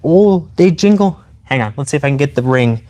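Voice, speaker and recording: A man live-streaming a demonstration of improvised weapons. He talks to his chat in an excitable, playful way. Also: fairly high pitch, brisk, background noise. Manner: excitable and playful, addressing viewers directly.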